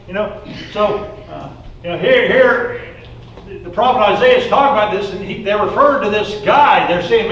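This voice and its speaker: A high-pitched, somewhat bright male voice at normal speed belongs to a pastor preaching in an easygoing, conversational style. Fillers run throughout, and he reads scripture aloud in between his remarks. The recording is echoey and distant, with a little background noise.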